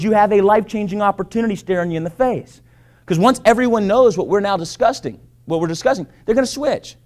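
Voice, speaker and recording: A man giving an emphatic sales presentation to a live audience, repeating key phrases and checking in with "right?" and "okay?". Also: on the high side. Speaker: business presenter.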